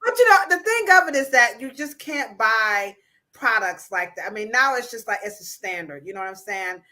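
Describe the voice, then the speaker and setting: A woman's voice: fairly high pitch, expressive, normal speed, sharp tone. A woman hosting a casual livestream chat, playful and teasing, with slangy mock-scolding asides. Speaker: livestream host.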